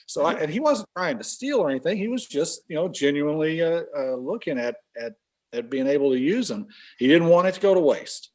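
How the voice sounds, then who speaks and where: A man recalling a former colleague in a casual podcast chat, earnest and halting, with frequent restarts. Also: a little high, animated.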